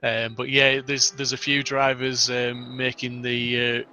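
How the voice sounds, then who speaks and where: Man co-commentating, very flat monotone, bright edgy gravelly voice, faint noise. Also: medium pitch, unhurried. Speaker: co-commentator and driver. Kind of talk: sim racing commentary.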